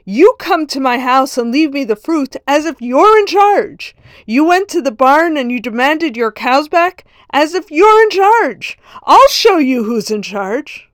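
A woman's voice: fairly high pitch, moderate pace, no room sound, clean studio sound, close to an everyday voice. Haughty furious nobleman, commanding and indignant, a woman acts him out.

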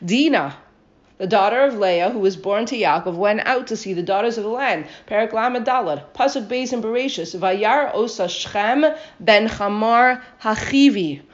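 A woman's voice: medium pitch, normal speed. A woman teaching a scripture lesson, reading Hebrew verses aloud, then translating and questioning them. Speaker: Torah teacher. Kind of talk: text study lesson. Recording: dull lo-fi recording.

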